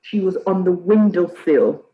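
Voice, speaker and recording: A woman's voice: fairly low pitch, unhurried, narrow, tinny audio. A woman in her thirties from Nigeria, a podcast guest chatting casually and telling stories with frequent laughter. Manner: laughs often, lively storytelling. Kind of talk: casual interview chat.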